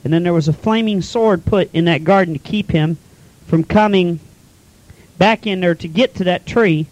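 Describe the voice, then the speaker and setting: Folksy man, preacher, high voice, dry close sound, casual scripture retelling. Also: moderate pace, a little mellow, dry recording, rough recording. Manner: colloquial, paraphrases scripture in plain talk. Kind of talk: folksy sermon.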